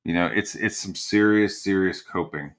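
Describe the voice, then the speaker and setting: A man with a fairly low voice hosts a livestream and rants in a casual, rambling way. He swears constantly and mocks his targets with heavy sarcasm. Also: normal speed, a bit bright. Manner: profane, meandering, sarcastic. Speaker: livestream host. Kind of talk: casual ranting commentary.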